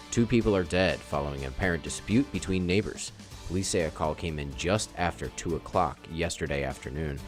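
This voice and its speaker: A man reading local news as a TV anchor, in a measured, formal delivery. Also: extremely low pitch.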